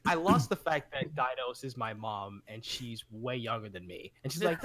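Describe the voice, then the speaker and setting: A man's voice: mid-range voice, expressive, moderate pace, a bit bright. A man co-hosting a casual online podcast over voice chat, joking and laughing a lot. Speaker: podcast co-host.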